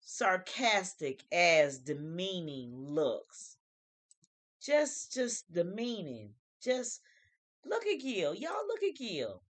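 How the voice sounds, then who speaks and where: A woman's voice: on the low side, huge pitch swings, drawn-out words. A woman hosting a casual reality TV commentary vlog, emphatic and repetitive, speaking with slang. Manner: emphatic, repeats phrases, uses slang. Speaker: show host reviewing reality TV.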